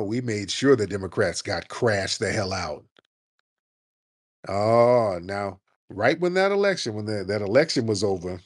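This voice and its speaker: A man hosting a talk radio show, ranting in a combative, mocking, animated way. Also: on the low side. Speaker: radio host.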